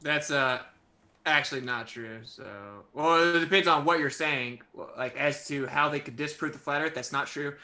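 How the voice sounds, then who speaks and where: A man's voice: fairly high pitch, moderate pace, bright, forceful tone. A man answering viewer questions in a debate, talking loosely with lots of "like" and filler words.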